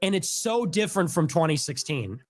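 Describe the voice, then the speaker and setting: A man's voice: fairly high pitch, animated, moderate pace, no echo, clean studio sound. A man co-hosting a live commentary stream, speaking in a blunt, offhand way. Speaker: co-host.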